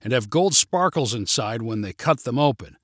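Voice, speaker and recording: A man's voice: medium pitch, expressive, normal speed, a bit bright, dry recording, studio quality. A man doing sarcastic young man Max. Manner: sarcastic and skeptical.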